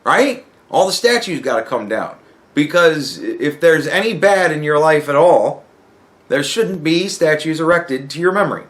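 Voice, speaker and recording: A man's voice: a little high, animated, moderate pace, fairly bright tone. A man hosting a podcast who talks in a casual, profane monologue and acts out other people's replies. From United States. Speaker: podcast host.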